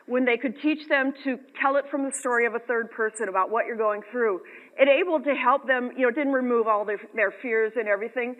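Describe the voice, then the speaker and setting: A middle-aged woman giving an earnest, expressive motivational talk to a women's group and sharing research findings. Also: a little high, in a large hall, low-quality recording.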